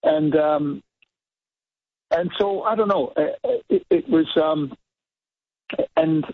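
A man's voice: on the high side, slow pace, husky. Older man rambling down a phone line. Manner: rambling, full of restarts and "you know". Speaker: musician guest. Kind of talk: phone interview chat. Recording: dry, tinny phone line.

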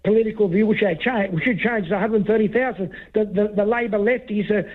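A man's voice: high-pitched, quick pace. A man calling a talkback radio show who rambles and stumbles, often talking over the host. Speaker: radio caller. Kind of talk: heated talkback call. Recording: tinny phone line.

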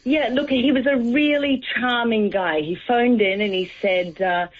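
A woman calls in to a radio talk show. She tells her story in a chatty way and acts out the dialogue. Her voice is slightly husky and comes through a tinny, dry phone line. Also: a little high, unhurried, no echo. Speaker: caller.

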